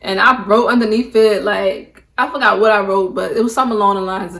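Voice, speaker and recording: A woman's voice: medium pitch, fairly even intonation, fast, gravelly, hardly any pauses, fairly bright tone. A young adult woman vlogger telling a casual story to camera, emphatic and saying "like" a lot. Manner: emphatic, peppers talk with "like". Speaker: beauty vlogger. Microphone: camera mic, talking to camera.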